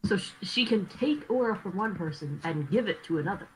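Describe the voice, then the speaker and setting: A woman's voice: mid-range voice, animated, brisk, a little hiss or hum, rough recording. A woman co-hosting a casual book reading, reading narration aloud and joking between passages. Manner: laughs easily, jokes between passages. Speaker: co-host reading a novel aloud.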